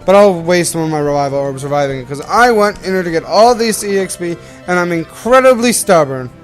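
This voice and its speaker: A man's voice: sits high, lively intonation, fairly quick, soft background music. A young man from Canada giving rambling, self-correcting commentary while hosting a game playthrough. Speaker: let's play host. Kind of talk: casual gameplay commentary.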